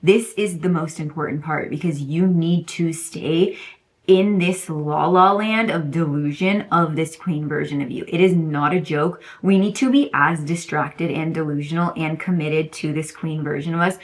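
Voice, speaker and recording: A woman's voice: sits low, fairly even intonation, normal speed. A young woman talking casually and effusively to camera about self-belief, rambling and repeating herself for emphasis. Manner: gushing, rambling, emphatic repetition. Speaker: self-development course creator. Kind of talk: casual motivational vlog.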